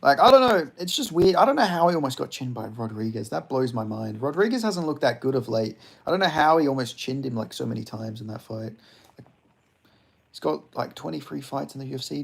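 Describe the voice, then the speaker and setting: Gravelly young man chatting on stream. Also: mid-range voice. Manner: loose, laughing, swearing freely. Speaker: livestream host reading chat. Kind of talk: casual stream chat.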